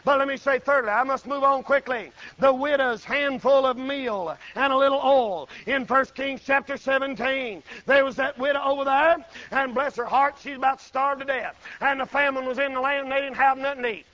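A middle-aged preacher delivers a folksy, rousing sermon. His voice sits very high and rings bright and sharp. He bursts into shouts and acts out the voices in his stories. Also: fairly even intonation, normal speed, hardly any pauses, lo-fi sound.

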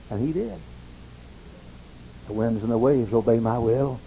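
A man's voice: moderate pace, long pauses, breathy edge, low-quality recording. An older man preaching, telling stories animatedly and acting out quoted voices. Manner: animated storyteller, acts out quotes in high voices. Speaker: pastor. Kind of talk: sermon storytelling.

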